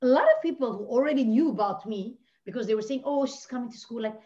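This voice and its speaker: A woman from Lebanon, a podcast guest telling her personal story with passion, swinging between hushed and near-shouting. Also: fairly high pitch, fast talker. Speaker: podcast guest, life coach. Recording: dull lo-fi audio.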